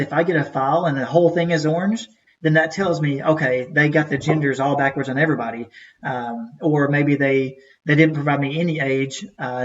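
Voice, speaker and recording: A man runs a casual training webinar on race timing, rambling conversationally with plenty of fillers. His voice sits a little high and comes from some distance off the computer mic. The webinar audio is dull and lo-fi.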